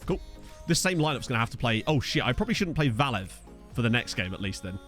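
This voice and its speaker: A man's voice: medium pitch, sing-song, fast talker, a bit bright, faint music behind. A young man from Essex with an Essex accent, chatting casually while streaming a football management game and answering his chat. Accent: Essex English. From Essex, England. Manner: chatty, reads chat aloud, jokey asides.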